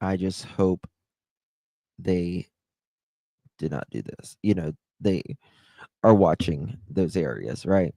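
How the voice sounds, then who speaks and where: Male livestream host, slow and reflective, lowish voice, dry close sound. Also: lively intonation, gravelly, mellow, no echo. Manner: slow, musing, asks viewers questions. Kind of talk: casual live commentary.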